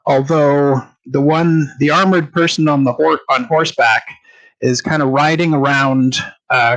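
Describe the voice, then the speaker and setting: A man narrating a tabletop game as game master, halting and full of fillers. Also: medium pitch, fairly bright tone, low-quality recording.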